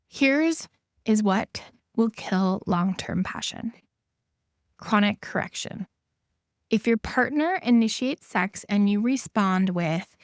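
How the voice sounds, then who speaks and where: A woman's voice: medium pitch, slow, dry recording, clean studio sound. A woman hosting a solo podcast as an intimacy coach, talking earnestly and repeating her key points for emphasis.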